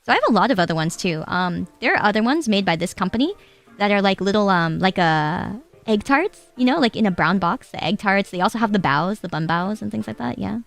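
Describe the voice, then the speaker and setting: A woman's voice: medium pitch, animated, fairly quick, creaky, soft background music. A young Japanese woman chatting casually to her live-stream chat, giggly and rambling, swearing now and then. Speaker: VTuber streamer.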